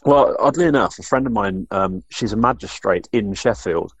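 A man's voice: lowish voice, normal speed, no room sound. A man from northern England co-hosting a casual discussion, rambling with many restarts and fillers. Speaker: podcast co-host.

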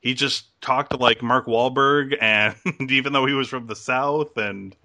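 A man's voice: mid-range voice, steady tone, unhurried, sharp tone. A man hosting a podcast in casual chat, rambling with frequent laughs and restarts. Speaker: podcast host.

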